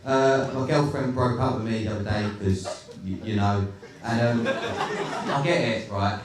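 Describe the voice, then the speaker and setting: A man's voice: lowish voice, fairly even intonation, moderate pace, distant mic. A man doing a stand-up comedy set, crude, sardonic and rambling. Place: comedy club stage. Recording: echoey club, recorded from afar, noisy.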